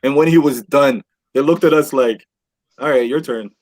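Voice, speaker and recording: A man telling a wild story on a casual podcast with friends, animated and swearing, acting out what people said. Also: medium pitch, moderate pace. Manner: animated, swears a lot, acts out quotes. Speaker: podcast host. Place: indoor podcast room with friends.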